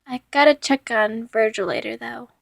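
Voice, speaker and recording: A woman voicing a cheerful, fatherly young man in a storybook reading, speaking in a raised, bright voice. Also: fairly high pitch, normal speed, creaky, dry recording, studio quality. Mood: sleepy.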